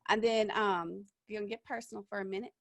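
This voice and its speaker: A woman's voice: medium pitch, fairly even intonation, fast, creaky, fairly bright tone, dry recording. A woman theatre director giving practical audition advice in an online workshop, chatty and encouraging, with frequent fillers and small laughs. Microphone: video call.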